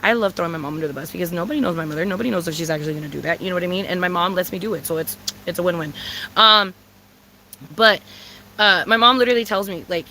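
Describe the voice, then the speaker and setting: A young woman telling a profane, dramatic storytime rant, with a Mexican Spanish accent, jumping into high squeals when she quotes herself. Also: fast, bright, forceful tone, a little hiss or hum, poor audio. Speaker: vlogger.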